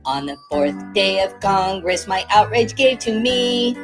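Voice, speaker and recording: A synthetic voice singing a slow mocking carol. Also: medium pitch, animated, close to an everyday voice. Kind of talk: sung parody over music. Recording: song with loud backing music.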